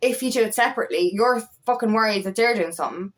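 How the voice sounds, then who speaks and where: A woman's voice: a little high, quick pace. A woman coaching on relationships, talking candidly and emphatically and swearing freely. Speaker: feminine empowerment coach. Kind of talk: casual motivational talk to camera.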